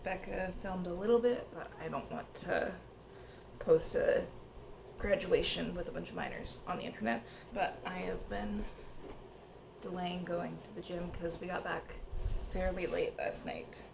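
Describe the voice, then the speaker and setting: A young woman talks through her errands and plans in a loose, chatty way, wandering into little asides. Her voice has a gravelly fry at its edges, and the phone recording carries a steady noisy background. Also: lowish voice, a little slow. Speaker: vlogger. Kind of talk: casual vlog narration.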